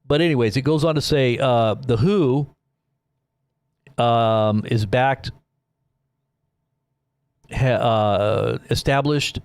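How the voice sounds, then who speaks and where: A man's voice: medium pitch, a little mellow, no echo. A man hosting a live commentary stream, talking in a rambling, preachy way full of warnings. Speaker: commentary host.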